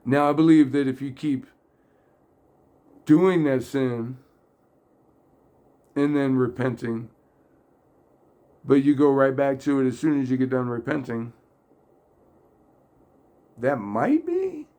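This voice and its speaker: This religious video host speaks in a medium-pitched voice at a slow pace, leaving long pauses. Retelling stories in a casual faith talk, he comes across as earnest and a bit rambling, and he can turn loud, excited, and emotional.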